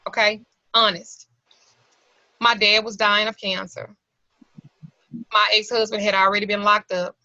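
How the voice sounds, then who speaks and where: A middle-aged woman on the verge of tears teaches an occult class over a video call, sharing a candid, colloquial personal testimony as earnest storytelling. Her medium-pitched voice is flat, a little slow and sharp, with long pauses. The recording is dry, slightly lo-fi video call audio.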